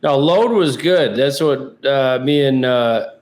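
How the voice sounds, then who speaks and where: A man's voice: medium pitch, slow pace, darkish tone. Male co-host, easygoing interjector, mid-range voice. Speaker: podcast co-host. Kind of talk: casual chat.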